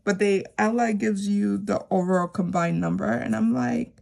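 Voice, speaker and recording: A woman's voice: medium pitch, steady tone, measured pace, vocal fry, a little mellow, slight background noise. A woman chatting casually to camera about her savings challenges, rambling with lots of fillers. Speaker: savings vlogger; teacher.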